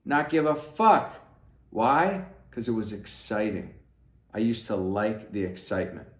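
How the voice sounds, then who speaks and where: A man telling a story to camera in a brash, profane way, swinging between hushed asides and loud emphatic bursts. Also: fairly low pitch, sing-song, measured pace, reverberant. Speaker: vlogger.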